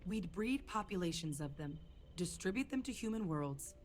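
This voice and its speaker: An actress voicing a woman researcher in a video game, who explains a proposal in a measured way. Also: on the low side, lively intonation, darkish tone, soft background music, close to an everyday voice. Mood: explaining. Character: woman researcher pitching a plan.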